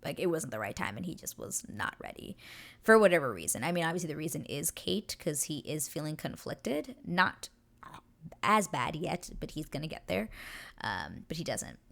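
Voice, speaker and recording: A woman's voice: low voice, big pitch swings, moderate pace, creaky, fairly bright tone. A young woman hosting a show, casually recapping a scene in a gushing, breathless way. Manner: gushing, breathless retelling with acted quotes. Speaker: show reaction host.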